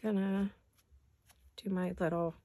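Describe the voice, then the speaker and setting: A woman craft vlogger in her home studio, her voice raspy from allergies, chatting casually and self-deprecatingly to viewers while she works. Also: mid-range voice, little pitch movement, slow pace, dark tone, a little hiss or hum.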